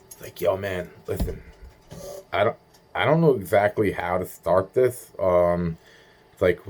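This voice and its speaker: Man, young adult, low voice, dark tone, profane rambling monologue. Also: unhurried, pauses often, slight background noise. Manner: profane, rambling, with many restarts and quoted asides.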